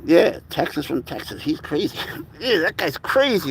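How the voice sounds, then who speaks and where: Gravelly man chatting on a livestream. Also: on the high side, big pitch swings, normal speed. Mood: cooing. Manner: talks in a soft, cooing baby voice to cats. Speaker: livestream host. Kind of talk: casual livestream chat.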